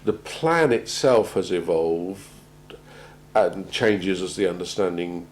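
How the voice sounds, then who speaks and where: A man gives a measured talk on crisis planning, often pausing and repeating words as he goes. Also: low voice, slight background noise, low-quality recording. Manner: measured, halting, repeats words while finding them. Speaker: presenter on organisational crisis planning. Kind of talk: prepared talk to an audience.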